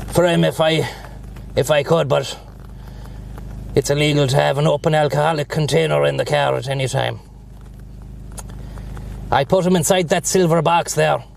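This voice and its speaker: Irish male streamer, raspy fry-heavy voice pitched a bit high, loose and sweary, talks from the driver's seat. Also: steady tone, moderate pace, long pauses, slight background noise. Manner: rambling, profane banter. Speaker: livestreamer. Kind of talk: casual chat while driving. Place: in a car.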